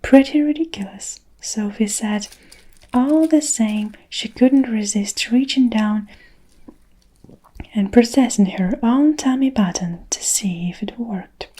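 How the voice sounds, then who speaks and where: A woman narrates in a hushed whispered role-play, very slow and close to the microphone. Her whisper has a mellow, dark tone. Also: a little high, breathy edge, low-quality recording. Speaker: storyteller.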